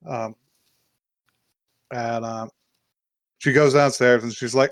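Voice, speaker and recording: A man's voice: mid-range voice, a little slow, long pauses, dry recording, studio quality. A man co-hosting a podcast, rambling through an anime recap with lots of laughs and little acted-out voices. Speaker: podcast co-host. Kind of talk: casual chat recapping an anime.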